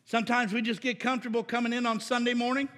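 A middle-aged male pastor preaching a sermon, energetic and playful, acting out voices and asking for amens. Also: extremely high pitch, fast, in a large hall. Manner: energetic and playful, acts out voices, asks the crowd "Amen?".

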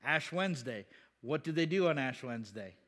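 A man's voice: medium pitch, expressive, moderate pace, fairly bright tone. A man, a pastor, teaching the Bible in a casual, conversational way, asking rhetorical questions and chuckling.

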